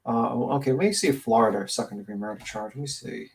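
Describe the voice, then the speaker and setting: A man with a stuffed-up, sniffly nose hosting a casual panel discussion, reading definitions aloud with halting restarts. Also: medium pitch, very noisy. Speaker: panel host.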